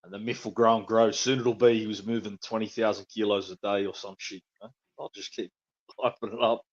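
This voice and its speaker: A man's voice: on the low side, little pitch movement, brisk. A man co-hosting a boxing podcast, talking casually and profanely. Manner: laid-back, profane. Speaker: podcast co-host. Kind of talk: casual chat. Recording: dull lo-fi sound.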